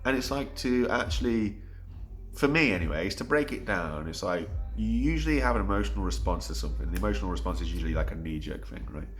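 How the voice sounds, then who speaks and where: Man, 30s, lowish voice, earnest rambling vlog talk, lots of restarts. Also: expressive, fast talker, faint music behind. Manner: earnest, rambling, thinking aloud with many restarts. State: getting choked up. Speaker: vlogger. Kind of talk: reflective vlog monologue.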